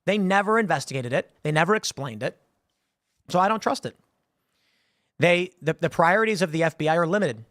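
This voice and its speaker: A man's voice: on the high side, lively intonation, a little fast, pauses often, fairly bright tone, no room sound, clean studio sound. A man in his thirties hosting a casual commentary show, rambling and repeating words as he thinks. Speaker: host.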